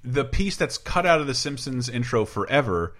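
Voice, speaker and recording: A man's voice: medium pitch, sing-song, moderate pace, fairly bright tone. A man co-hosting a podcast about a TV episode, making wry joking asides. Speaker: podcast co-host. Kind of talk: episode commentary podcast chat.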